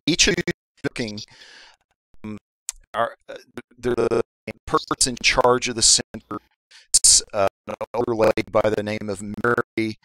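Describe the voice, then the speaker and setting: A man narrating as the game master of a tabletop game, setting the scene in an improvised, halting way with many restarts. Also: fairly low pitch, a bit bright, no echo, low-quality recording.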